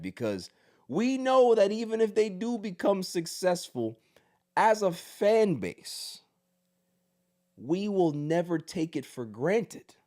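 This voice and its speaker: A man hosting a sports podcast in casual commentary, animated, ranting and joking about his team. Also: mid-range voice. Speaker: podcast host.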